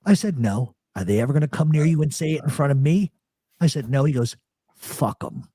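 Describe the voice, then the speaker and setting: A man's voice: a little high, quick pace, no room sound, clean studio sound. A man hosting a live talk show, telling stories in casual chat and acting out the voices of people he quotes. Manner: animated storyteller, acts out quoted voices.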